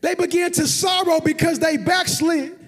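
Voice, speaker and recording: High-voiced man preaching in a reverberant hall. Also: steady tone, normal speed, faint music behind. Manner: preaching with sung, shouted cadences; calls to the congregation. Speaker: senior pastor. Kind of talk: sermon. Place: church sanctuary.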